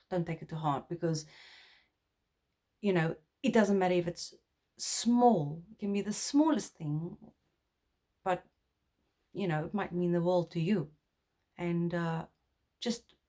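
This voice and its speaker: A woman's voice: on the low side, darkish tone. A young woman from South Africa talking earnestly and from the heart to camera in a personal vlog, rambling with restarts. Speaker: vlogger.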